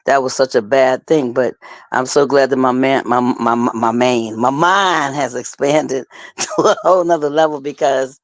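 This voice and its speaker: A woman co-hosting an interview, chatting casually in a relaxed, colloquial way and telling stories. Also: extremely low pitch, unhurried, dry recording. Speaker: co-host.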